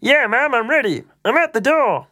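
A woman's voice: a little high, sing-song, normal speed, bright, forceful tone, pitched above the performer's own voice. A woman voicing a flustered young schoolboy, stammering and sheepish.

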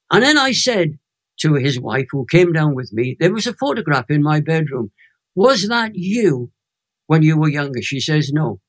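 Animated older Welsh storyteller. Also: male voice, a little high. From Wales. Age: 80s. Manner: lively, emphatic, builds to emotional peaks. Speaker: guest.

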